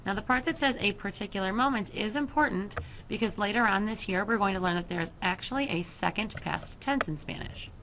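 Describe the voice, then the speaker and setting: A woman teacher explaining a Spanish grammar lesson to her students, slowing down to spell out each verb form. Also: mid-range voice, background noise. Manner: slow, careful explanation with deliberate pauses over verb forms. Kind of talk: recorded flipped-classroom lesson.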